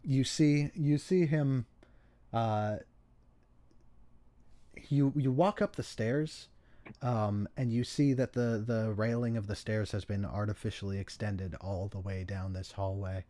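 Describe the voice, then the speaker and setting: A man narrating a tabletop game as game master, with many pauses and restarts. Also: fairly low pitch, warm tone, no room sound. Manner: hesitant, many ums and restarts.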